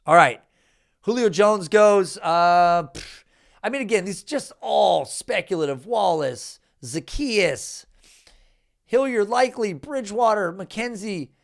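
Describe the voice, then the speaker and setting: A man goes over his fantasy football draft in an exasperated, animated rant full of swearing and sudden pitch jumps, speaking slowly with a creaky voice.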